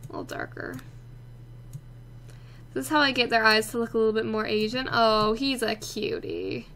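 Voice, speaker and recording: A woman's voice: on the high side, wildly swooping pitch, normal speed, a bit bright. A woman giving casual, chatty commentary while playing a life-sim game, playfully talking to her characters. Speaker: let's play gamer.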